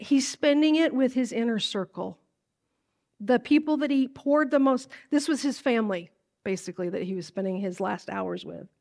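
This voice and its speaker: High-voiced woman pastor preaching. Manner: casual, animated, acts out lines in a high voice. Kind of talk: sermon teaching from scripture.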